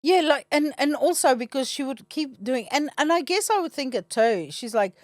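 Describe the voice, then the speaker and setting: A middle-aged woman from South Africa, a comedian guest telling blunt, deadpan stories on a podcast. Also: high-pitched, normal speed, no room sound, clean studio sound. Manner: blunt, deadpan comic storytelling with quoted voices. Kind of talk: casual storytelling chat.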